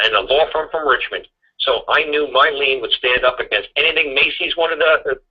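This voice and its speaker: A blunt man tells long stories on a talk radio show, swearing and circling back over his own points. His voice is husky, and the radio audio sounds dull and lo-fi. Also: medium pitch. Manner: blunt, profane, rambling storyteller.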